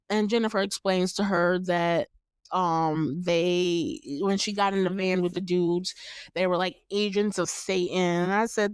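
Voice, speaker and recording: A woman's voice: lowish voice, fairly even intonation, unhurried, smooth, no room sound, studio quality. A woman in her late twenties hosting a podcast, giving a casual and candid recap of a movie, cursing freely and laughing often. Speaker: podcast host.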